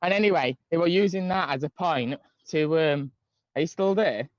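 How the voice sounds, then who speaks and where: A man recounts a long story over a video call, rambling and restarting often. His voice sits a little high for a man. The call audio is dull and muffled, and the sound is dry and close with no room echo. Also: normal speed. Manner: rambling, many fillers and restarts. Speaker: guest caller. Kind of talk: casual storytelling chat.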